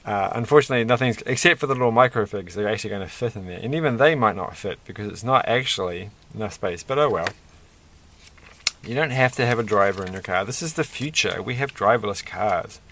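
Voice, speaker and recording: A man's voice: fairly low pitch, lively intonation, quick pace, fairly bright tone, slight background noise. A man hosting a casual toy-building video, rambling and chatty with self-deprecating asides. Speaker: host.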